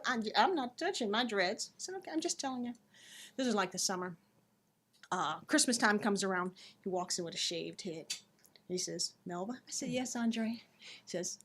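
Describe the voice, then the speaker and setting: A woman who teaches yoga, a guest on a talk show, telling stories in an earnest, expressive way. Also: medium pitch, normal speed, long pauses. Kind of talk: casual interview chat.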